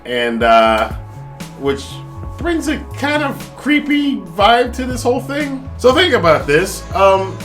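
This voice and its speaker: A man's voice: very high voice, very animated, takes it slowly, fairly bright tone, faint music behind. A man hosting a casual spoken TV review, rambling and chatty with many restarts. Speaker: podcast host reviewing a TV show.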